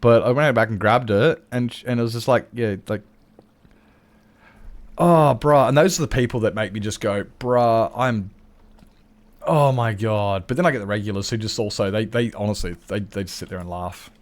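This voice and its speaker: An Australian man streaming a game and chatting casually, telling animated stories and acting out other people's lines, with chuckles and restarts. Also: fairly low pitch, fast talker, few pauses. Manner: animated storyteller who acts out customers' lines; frequent chuckles and self-interruptions. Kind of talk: casual chat while gaming.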